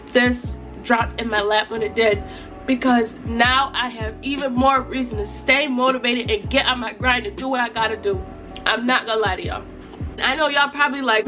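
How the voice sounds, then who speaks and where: A young woman from New York state talking straight to camera, emphatic and repetitive, crying happy tears. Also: fairly high pitch. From Utica, New York. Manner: emphatic, repeats herself, tearful excitement. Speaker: YouTuber. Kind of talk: casual vlog chat. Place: at home in front of a mirror.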